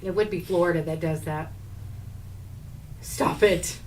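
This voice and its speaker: A woman's voice: lowish voice, a little slow, darkish tone, a little hiss or hum. A woman co-hosting a radio show, chiming in with short replies and teasing remarks. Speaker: radio co-host. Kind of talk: casual morning radio banter.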